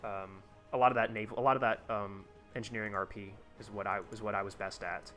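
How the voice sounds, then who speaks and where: A man's voice: fairly low pitch, steady tone, quick pace, sharp tone, soft background music. A young man live-streaming a game, chatting casually and rambling with lots of fillers and restarts. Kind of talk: casual gameplay commentary.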